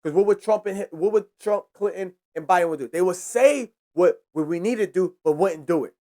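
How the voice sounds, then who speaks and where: A man's voice: high-pitched, brisk, warm tone. A young man hosting a podcast, ranting in a heated, profane way and repeating himself for emphasis. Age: young adult. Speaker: podcast host. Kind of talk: casual ranting monologue.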